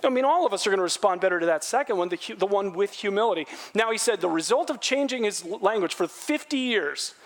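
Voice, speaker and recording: A middle-aged man preaching a sermon as pastor, animated, acting out quotes in a raised voice and dropping low and quiet on earnest points. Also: fast talker, few pauses.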